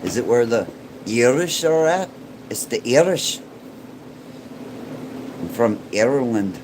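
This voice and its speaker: A man chats casually for his vlog, joking and rambling about ghosts and giants. He talks slowly, and his pitch swings up and down. Air conditioning hum and passing traffic sit behind him. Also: sing-song, a little mellow, poor audio. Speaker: paranormal YouTuber.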